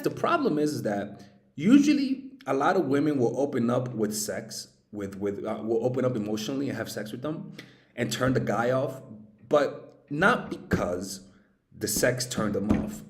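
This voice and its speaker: Young male dating coach, casual vlog, lively swinging pitch, curses freely, stumbles and restarts, echoey room. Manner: animated, profane, many restarts.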